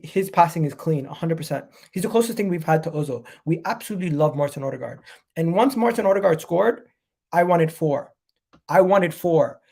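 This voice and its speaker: A man hosts a live football reaction stream with a stuffy, nasal voice from a cold. His voice sits a little high and has a gravelly edge. He hammers home each point by repeating it with hyped conviction. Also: mellow. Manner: repetitive, emphatic, hyped. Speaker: football fan channel host.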